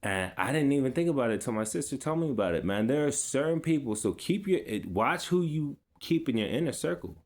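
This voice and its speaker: A man's voice: medium pitch, expressive, brisk, hardly any pauses. A man vlogging, telling a personal story in a casual, rambling way with many fillers, restarts and street slang. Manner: laid-back street slang.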